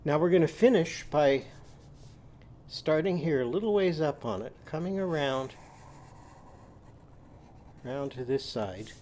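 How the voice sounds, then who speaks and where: A man teaching a children's lesson, giving slow, patient step-by-step drawing instructions and sounding out words. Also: a little high, animated, a little mellow, a little hiss or hum.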